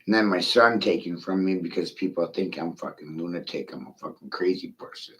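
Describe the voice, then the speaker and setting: A man's voice: low voice, a little fast, fairly bright tone, low-quality recording. A middle-aged man ranting profanely in a rambling livestream monologue, speaking straight to a viewer.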